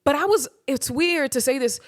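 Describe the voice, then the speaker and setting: Give me a high-voiced woman telling a story earnestly. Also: normal speed. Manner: earnest, animated, with restarts. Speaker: podcast guest. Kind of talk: storytelling in casual conversation.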